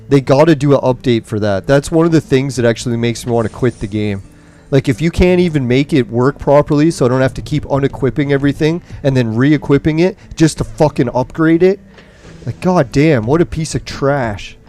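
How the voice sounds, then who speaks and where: A man's voice: medium pitch, dark tone. A man commentating on a mobile game as he plays, ranting angrily and swearing nonstop while in nicotine withdrawal. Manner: angry swearing rant. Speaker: gaming streamer.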